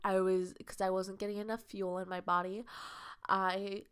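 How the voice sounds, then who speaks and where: A woman's voice: mid-range voice, level tone, moderate pace, smooth. A young woman vlogger talking in a casual podcast monologue, earnest and rambling, with a heartfelt, confessional way of speaking.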